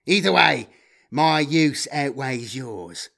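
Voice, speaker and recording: A man's voice: mid-range voice, expressive, slow, gravelly, a bit bright, heavily acted. A man voicing a greedy, sneering male data trader who talks smugly. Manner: smug, sardonic.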